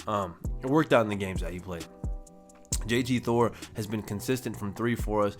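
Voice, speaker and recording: Young guy with a lowish voice chatting through his game, reading off stats, bit of music behind. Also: normal speed. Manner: chatty, self-correcting, rattling off stats. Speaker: gaming YouTuber. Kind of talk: casual game commentary.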